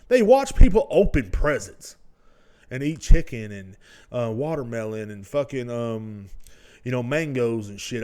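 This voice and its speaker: A podcast host from the US speaks in a mid-range, slightly mellow voice from inside his home. His casual monologue is a blunt rant, heavy on swearing.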